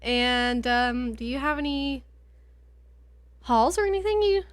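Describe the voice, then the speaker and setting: Woman, higher voice, dry close sound, giggly, chatty, home basement podcast. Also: animated, slow, dry recording. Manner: giggly, chatty, easily moved to tears. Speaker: podcast co-host. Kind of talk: casual book chat.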